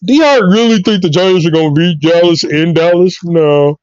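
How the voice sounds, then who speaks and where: High-voiced Southern man ranting profanely. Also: moderate pace, clear, resonant tone, dry recording. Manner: loud, repetitive, trash-talking. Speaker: sports podcast co-host. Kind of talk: profane comedic rant. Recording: dry, dull lo-fi mic.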